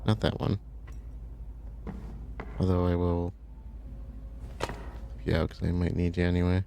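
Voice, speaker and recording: A man's voice: deep voice, measured pace, creaky, a little hiss or hum. A man hosting a let's play, casually commenting on a game and thinking aloud as he plays. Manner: relaxed, thinking aloud, chatty asides.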